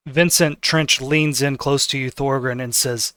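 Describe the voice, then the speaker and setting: A man's voice: mid-range voice, steady tone, a little slow, few pauses, fairly bright tone, clean tone, dry recording, clean studio sound. A man narrating a tabletop game as game master, describing scenes in a casual way. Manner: casual, descriptive, often laughing.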